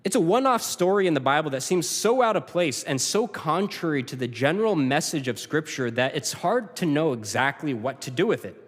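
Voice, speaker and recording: Expressive pastor preaching in a reverberant hall. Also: male voice, a little fast. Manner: expressive preaching, dropping low and soft at phrase ends. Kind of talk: sermon. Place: church sanctuary. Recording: long reverb of a church hall.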